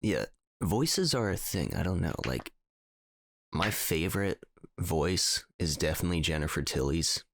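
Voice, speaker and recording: A young man with a very low, gravelly voice, chatting loosely on a podcast with plenty of filler words. The sound is dry and close. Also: big pitch swings, measured pace, dry recording. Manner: rambling, lots of fillers. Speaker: podcast co-host. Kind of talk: casual chat.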